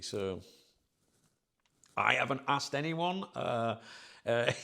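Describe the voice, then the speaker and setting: A man's voice: mid-range voice, creaky, a bit bright. A man chatting casually to his viewers as channel host, rambling with many fillers and restarts.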